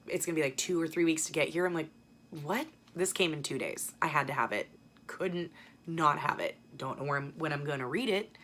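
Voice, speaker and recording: A woman's voice: low voice, a bit bright, a little hiss or hum. A young adult woman chatting casually as a book vlogger, rambling and swearing now and then. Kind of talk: casual book haul chat.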